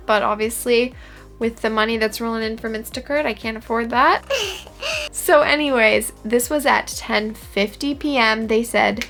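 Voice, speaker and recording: A woman's voice: fairly high pitch, fairly bright tone. A woman vlogging casually about her shopper pay, reading out a support chat with sarcastic, dry humor. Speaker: gig delivery shopper and vlogger.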